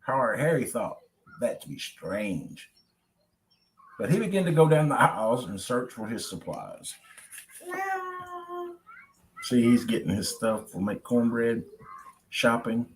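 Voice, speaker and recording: A man's voice: medium pitch, expressive, slow, long pauses, a little hiss or hum, rough recording. A man reading a children's story aloud in a casual, chatty way, breaking off to talk to people nearby. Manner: chatty, digresses to talk to others.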